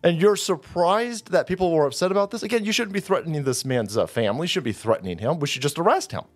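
A man rants through heated, profane political commentary with biting sarcasm. His slightly raised voice swings widely, jumping up and dropping low as he reads posts and mocks them. Faint music sits under the talk. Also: expressive, fast. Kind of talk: ranting commentary reading out posts.

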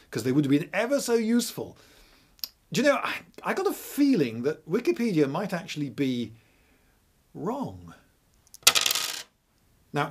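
A man with a slightly high voice talks through military history in a relaxed, rambling video lecture. He pauses often with "uh"s and slips in dry, wry asides. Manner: chatty, digressive, dry humour, frequent "uh"s.

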